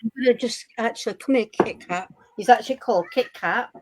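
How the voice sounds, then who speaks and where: A woman's voice: a little high, brisk, a little mellow, rough recording. A woman guest on a video call who chats casually and laughs and apologizes often. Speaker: roundtable guest. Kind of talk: casual chat.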